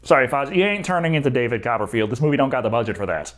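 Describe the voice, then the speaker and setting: A man's voice: medium pitch, animated, very fast, soft background music. A man narrating a comedic movie review in a sarcastic, jokey manner.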